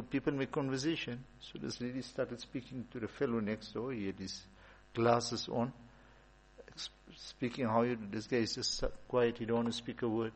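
A man gives a casual religious talk in a husky, slightly breathy voice. He speaks conversationally, slipping into stories and stacking up repeated lines to drive a point home. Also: medium pitch, low-quality recording. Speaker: religious teacher. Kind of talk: informal Islamic talk.

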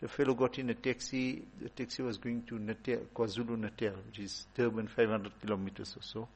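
A man gives a casual religious talk in a husky, slightly breathy voice. He speaks conversationally, slipping into stories and stacking up repeated lines to drive a point home. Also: mid-range voice, flat delivery, fairly quick, low-quality recording. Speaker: religious teacher. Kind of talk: informal Islamic talk.

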